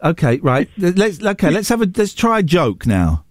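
A man's voice: sits high, wildly swooping pitch, normal speed, dry recording. A man hosting a radio breakfast show, teasing a caller in a dry, sarcastic way. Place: radio studio.

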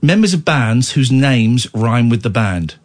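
A man's voice: medium pitch, animated, unhurried. Playful man hosting late-night radio. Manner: playful, teasing, breaks into mock accents. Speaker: radio host.

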